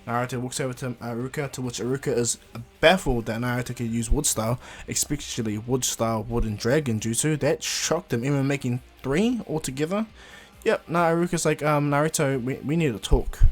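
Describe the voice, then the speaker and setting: A man's voice: mid-range voice, a little fast, few pauses, soft background music. A man casually retelling a fan story, rambling with frequent fillers and restarts.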